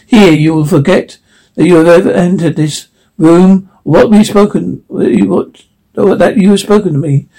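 A man voicing an ancient, mysterious monastery master, reading in a solemn, measured way. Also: high voice, gravelly, warm tone, slightly rough, full character voice, poor audio.

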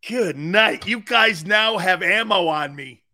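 A middle-aged man hosts a sports talk stream. His voice sits high and sounds bright and forceful. He jumps from one viewer comment to the next, joking loudly. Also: slow pace. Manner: animated, joking, jumps between chat comments. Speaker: sports talk show host. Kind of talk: live-stream sports talk, reading chat.

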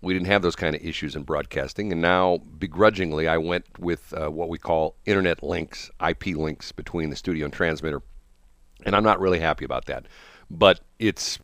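Deep-voiced older male radio host. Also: fairly quick, fairly bright tone, no echo. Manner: rambling, chuckling, anecdotal. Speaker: radio morning show host. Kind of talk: casual on-air chat. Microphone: studio broadcast mic.

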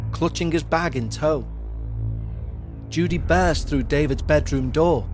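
A man narrating a paranormal horror story in a steady, measured way. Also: on the high side. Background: faint music.

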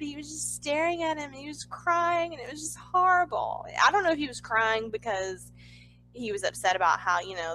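A woman co-hosting a casual wrestling podcast, animated, swearing casually and laughing often. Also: a little high, a little hiss or hum, poor audio. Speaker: podcast co-host.

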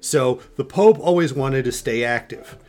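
A man's voice: mid-range voice, unhurried. Older man telling stories animatedly. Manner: animated storyteller, restarts sentences. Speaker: podcast host, grandfather. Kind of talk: casual storytelling chat.

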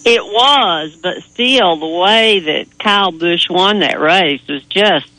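A woman's voice: lowish voice, slow, bright, forceful tone, dry recording, low-quality recording. A woman on a racing panel, chatting enthusiastically and sometimes hesitating as she weighs her picks. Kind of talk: casual chat about racing.

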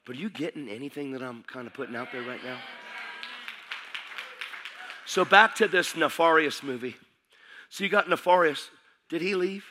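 A middle-aged man preaching a sermon, excitable and building in intensity as he goes. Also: a little high, normal speed, pauses often.

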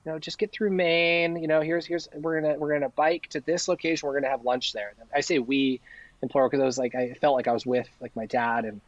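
A man's voice: on the high side, fast talker, dry recording, lo-fi sound. A man, a podcast guest, telling stories casually and animatedly, acting out the lines people said to him. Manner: animated, acts out quoted dialogue. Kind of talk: casual storytelling.

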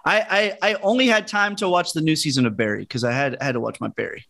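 Joking podcast co-host man, casual storyteller, a touch high-pitched. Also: quick pace, vocal fry, bright, forceful tone. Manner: joking storyteller with laughs and backchannels. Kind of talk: casual chat.

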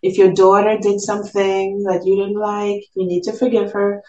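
A woman's voice: medium pitch, little pitch movement, moderate pace, a little mellow, lo-fi sound, slight background noise. A woman sharing a personal faith testimony as a podcast guest, telling it earnestly and acting out the quoted dialogue. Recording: roomy echo.

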